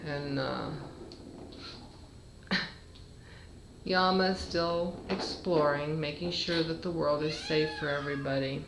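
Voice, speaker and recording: A woman's voice: low voice, steady tone, takes it slowly, long pauses, reverberant, background noise. A cat breeder chatting fondly to her kittens in a casual home video, with baby talk in between.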